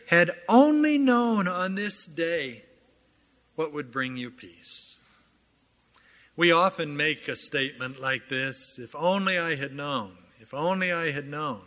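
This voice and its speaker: A man preaching a sermon in a slow, deliberate cadence, his voice bright and a touch high. His delivery is earnest, with dramatic pauses and swelling emphasis. The sound carries a long reverberant tail, as in a church hall. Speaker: pastor.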